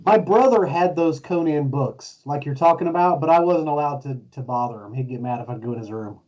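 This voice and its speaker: A man's voice: a little high, brisk, a little mellow. A middle-aged man co-hosting a casual chat, laid-back and chuckling as he tells stories. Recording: distant, muffled lo-fi mic.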